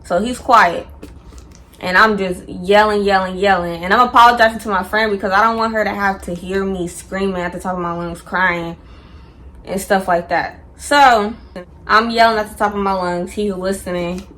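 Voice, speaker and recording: Young woman telling a story, animated, acts out the quotes, mid pitch. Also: moderate pace. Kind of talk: casual storytime.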